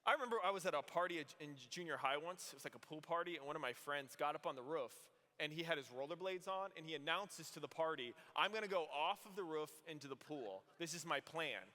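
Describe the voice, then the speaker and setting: A young adult man from Arizona, a priest giving a youth conference homily, telling stories in an animated way and acting out voices. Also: fairly high pitch, fast talker, few pauses. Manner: animated storytelling, acts out voices. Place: large hall. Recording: echoey hall, long reverb.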